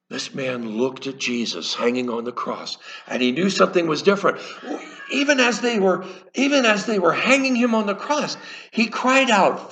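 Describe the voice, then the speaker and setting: A man preaching in a church, telling a story earnestly and haltingly, often restarting his sentences. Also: high voice, expressive, a bit bright. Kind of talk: sermon storytelling.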